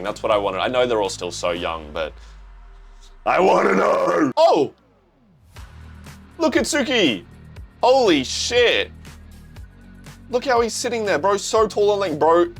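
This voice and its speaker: An excitable young Australian man talks through a manga chapter as he reads it, swearing freely and dropping "bro" into his sentences. His voice sits at an average pitch for a man, and quiet music plays faintly under him. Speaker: manga reaction channel host. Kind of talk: excited reaction commentary.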